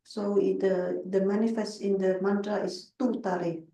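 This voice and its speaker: A woman interpreting a Buddhist teaching, halting and searching for words. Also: mid-range voice, flat delivery, warm tone, echoey room, recorded from a distance, poor audio.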